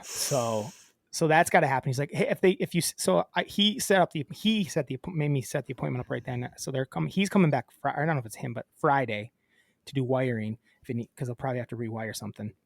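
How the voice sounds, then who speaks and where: Telling a story on a podcast he co-hosts, a man acts out a phone call in casual conversation. His mid-range voice is creaky and fast, captured in a dry recording.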